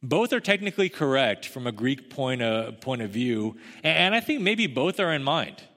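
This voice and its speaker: A man's voice: mid-range voice, big pitch swings, moderate pace, fairly bright tone. A young adult man preaching a sermon to a congregation, speaking in a conversational, emphatic way with asides to the listeners. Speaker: pastor. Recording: long hall reverb.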